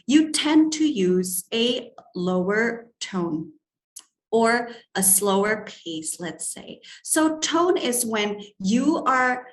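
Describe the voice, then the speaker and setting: An Indonesian etiquette trainer, appearing as a guest lecturer, speaks about speaking skills and shifts her tone to demonstrate examples. Her voice is on the high side, and the room sounds reverberant.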